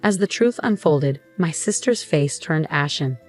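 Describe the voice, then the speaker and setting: A woman narrating a personal drama story in the first person, in an even, steady way. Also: low voice, measured pace, faint music behind.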